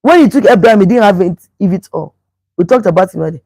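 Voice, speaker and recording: A woman's voice: mid-range voice, animated, fast, mellow, breathy edge, no echo, low-quality recording. A middle-aged woman pastor, preaching about relationships emphatically and repeating phrases to drive them home. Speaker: pastor and show host.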